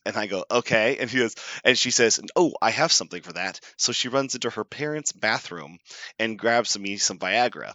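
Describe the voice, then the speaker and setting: A man telling a story in casual podcast chat, laughing through the punchlines and getting more animated as it goes. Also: fairly low pitch, moderate pace, dry recording, highs cut off. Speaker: podcast host.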